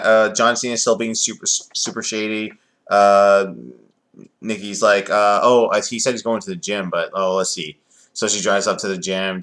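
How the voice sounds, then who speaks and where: A man with a fairly low voice talks through a wrestling reality show episode in a loose, rambling way. He drops plenty of fillers and sarcastic jabs as he recaps the scenes. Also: a bit bright. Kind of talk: casual review chat.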